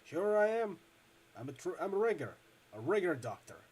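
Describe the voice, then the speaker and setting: A man reading a video game aloud and voicing a loud, jokey, hungover rigger-doctor in his forties with a loose Midwestern accent. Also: high voice, very animated, moderate pace, husky, voice pushed up, full character voice. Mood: boisterous. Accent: loose Midwestern American. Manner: boisterous, loud, jokey, laughs a lot.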